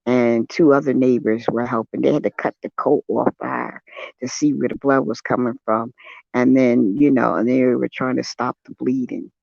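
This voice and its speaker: An older man, a guest on a live stream, telling a personal account in casual chat, earnest and shaken, with soft affirming hums between thoughts. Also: medium pitch, steady tone, moderate pace, gravelly, no echo. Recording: dull, lo-fi, dry sound.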